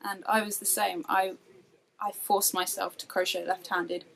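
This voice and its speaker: A woman hosting a knitting podcast, chatting casually and telling animated stories with frequent laughter. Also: mid-range voice, normal speed, vocal fry, low-quality recording. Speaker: podcast host. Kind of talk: casual chat.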